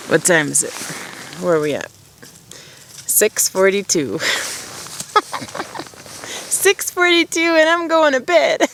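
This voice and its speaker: A woman's voice: mid-range voice, slight background noise. A woman chatting casually to the camera outdoors at a mountain campsite at dusk, rambling and laughing at herself. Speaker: outdoor vlogger.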